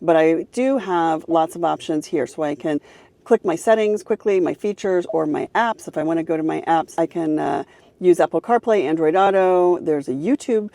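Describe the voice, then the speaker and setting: A woman's voice: low voice, moderate pace, creaky, mellow, no echo. A woman reviewing a car, walking through its features one by one in an upbeat, casual way. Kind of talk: casual car interior walkthrough.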